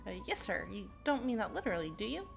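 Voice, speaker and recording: A woman's voice: mid-range voice, sing-song, quick pace, creaky, soft background music. A woman voicing a flustered, earnest young male defense attorney who talks in a protesting, exasperated way. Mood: polite.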